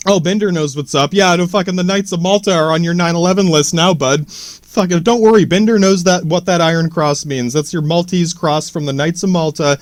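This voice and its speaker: A man's voice: a little high, a little fast, no echo, clean studio sound. A young man hosting a podcast, riffing on a movie in a meandering, profane way full of restarts and asides. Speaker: podcast host. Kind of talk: rambling commentary on a movie.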